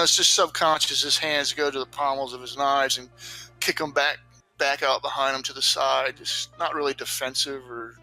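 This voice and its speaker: A man's voice: mid-range voice, sharp tone. A man narrating a tabletop game as game master, loose and rambling with many fillers.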